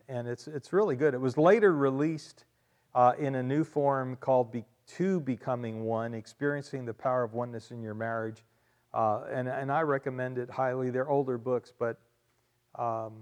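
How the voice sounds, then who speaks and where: A male pastor preaching with emphatic, conversational delivery in a mid-range voice. He repeats key phrases for weight and slips in friendly asides to the people in the church. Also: medium pitch. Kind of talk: sermon.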